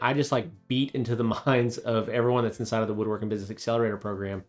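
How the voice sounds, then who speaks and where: Man, thirties, business coach, emphatic motivational talk, mid-pitched voice, faint music underneath. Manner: emphatic and motivational, rhetorical questions. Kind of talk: direct-to-camera coaching talk.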